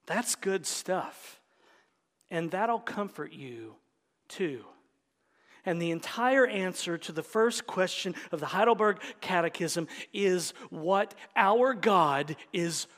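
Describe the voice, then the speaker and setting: A male pastor preaching an animated sermon, emphatic, sometimes dropping to a whisper. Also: sits high, in a large hall.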